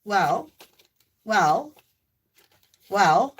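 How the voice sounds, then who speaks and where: Speaking a little slowly in a mid-range voice, with a little hiss or hum, a woman with a light Southern US accent from the American South hosts a casual live tarot stream. She's talkative, laughs a lot, and now and then bursts into loud whoops.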